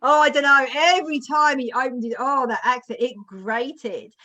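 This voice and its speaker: A woman's voice: sits high, moderate pace, sharp tone. A woman with an English accent hosting a casual video-call chat, chatty and exclamatory. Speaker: host.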